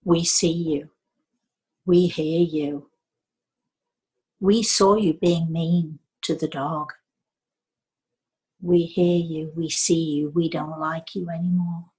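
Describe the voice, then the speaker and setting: Stern little spirit boy as a woman quotes him, slow, hushed, breathy, low-pitched. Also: steady tone, full character voice. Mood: solemn. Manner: slow, repetitive, soft and hushed.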